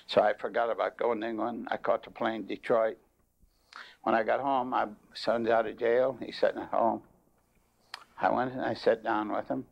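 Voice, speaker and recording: Older guy preaching, gravelly voice, folksy storytelling, dull old tape sound. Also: steady tone, normal speed. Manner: folksy, rises in pitch when telling stories. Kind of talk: sermon with storytelling.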